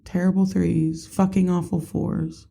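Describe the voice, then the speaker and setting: A woman's voice: lowish voice, flat delivery, measured pace, creaky, warm tone. A woman in her thirties, a podcast co-host telling family stories in casual chat and swearing freely. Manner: chatty storyteller, swears casually.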